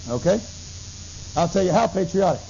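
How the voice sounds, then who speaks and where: A middle-aged man preaching a sermon, telling a story with lively acted-out dialogue. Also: sits high, normal speed, gravelly. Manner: animated storytelling, acts out dialogue, bursts into tongues. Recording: dull lo-fi recording with faint hiss.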